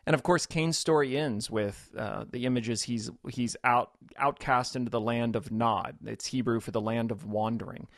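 A man's voice: medium pitch, fairly even intonation, moderate pace, few pauses, no room sound, studio quality. A man, a pastor and author, thoughtfully explaining scripture as a guest in a radio interview. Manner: reflective, explains scripture with quoted voices.

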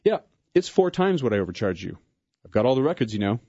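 A man voicing a short, remorseful tax collector in a dramatic story reading, earnest and quick-spoken. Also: medium pitch, big pitch swings, warm tone, dry recording, dull audio.

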